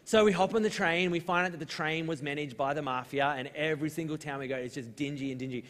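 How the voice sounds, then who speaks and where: A young Australian man preaching in a casual, chatty storytelling way, his voice sitting a little higher than most men's. The sound trails off into the long reverb of a large church hall. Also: fast, a bit bright. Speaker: pastor. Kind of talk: sermon.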